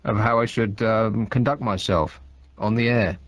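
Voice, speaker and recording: A man's voice: on the low side, fairly even intonation, a little slow, no room sound. A man hosting a late-night radio phone-in, talking in a dry, sarcastic, rambling way. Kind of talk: casual radio chat. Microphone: studio microphone.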